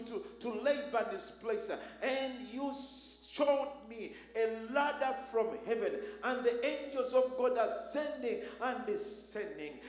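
A man preacher voicing a desperate man pleading with God in loud, fervent prayer. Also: extremely high pitch. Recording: echoey church hall, faint music.

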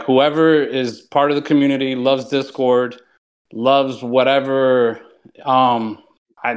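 Here is a man with a mid-pitched voice on an online community call. He talks loosely and keeps reaching for "like" and "you know". His delivery sounds casual and unscripted. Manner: chatty and rambling, full of "like" and "you know". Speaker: community member offering giveaways.

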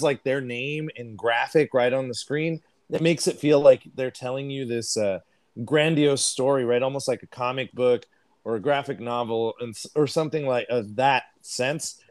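A man co-hosting a casual movie review podcast, talking in an animated way, stretching words for emphasis and asking the listeners questions. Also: mid-range voice, no echo. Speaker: podcast co-host.

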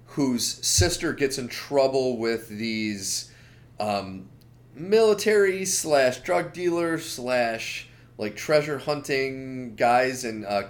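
A man co-hosting a podcast, ranting in an animated, opinionated way with lots of asides. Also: mid-range voice. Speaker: podcast co-host. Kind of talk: casual chat.

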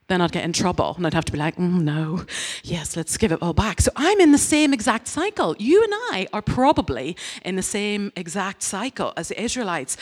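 Woman preaching with humor in a reverberant hall. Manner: lively and humorous, acts out quotes with big pitch jumps. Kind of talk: sermon.

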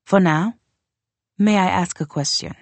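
A woman voicing a proud northern warrior queen who speaks in a measured, formal and quietly contemptuous way. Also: fairly low pitch, dry recording, voice pushed up. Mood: cold, demanding. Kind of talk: audiobook character reading.

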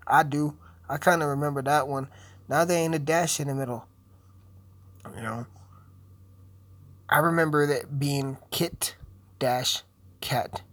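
A young man who is high, rambling through casual commentary while swearing and joking constantly. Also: fairly even intonation, a little slow, pauses often, dry recording. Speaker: video host.

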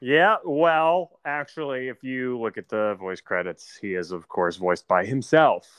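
A man's voice: mid-range voice, measured pace, fairly bright tone, clean tone, no echo. Dry-voiced man in mock-serious chat. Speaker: podcast co-host. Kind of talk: casual podcast chat.

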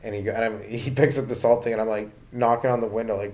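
A man's voice: on the low side, level tone, fast talker, few pauses, a little mellow. Rambling young guy doing comedy rants. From Canada. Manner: rambling, swearing, lots of "like" fillers. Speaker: stand-up comedian. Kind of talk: casual comedic rant.

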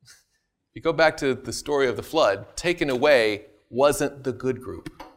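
A man's voice: medium pitch, animated, measured pace. A man giving a casual Bible study talk, emphatic, repeating phrases for stress and often checking in with his listeners. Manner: emphatic, keeps checking in with "right?". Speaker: Bible teacher.

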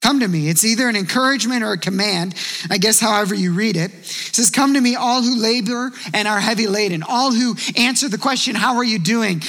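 A man preaching a sermon in a conversational, animated way, telling stories and quoting voices as he goes. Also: high-pitched, moderate pace, long reverb tail. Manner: conversational, animated storytelling with acted quotes. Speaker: pastor.

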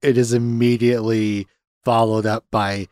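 A man's voice: medium pitch, little pitch movement, normal speed, darkish tone, clear, resonant tone, dry recording. A man talking casually as a podcast guest, laughing often and retelling scenes with quoted lines. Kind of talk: casual movie review chat.

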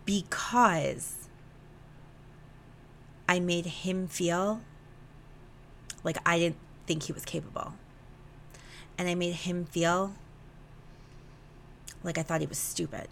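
A woman's voice: on the low side, slow, creaky, pauses often, a little hiss or hum. A young woman hosting a podcast, telling a personal story in a raw, emotional way, often swearing and acting out the conversation. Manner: emotional, swears freely, animated retelling. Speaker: podcast host. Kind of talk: candid personal podcast monologue.

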